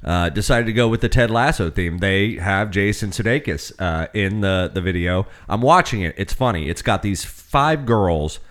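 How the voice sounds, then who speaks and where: Young guy, low voice, casual podcast banter, rambling and profane. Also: normal speed, hardly any pauses, fairly bright tone. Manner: rambling, profane storytelling with frequent fillers. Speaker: podcast co-host. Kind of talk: casual chat.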